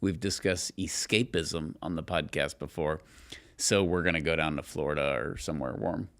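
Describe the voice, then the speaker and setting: A man's voice: extremely low pitch, creaky, fairly bright tone. A young man from Texas hosting a podcast, chatting casually, teasing his co-hosts and laughing easily. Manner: teasing, joking, quick to laugh. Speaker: podcast host.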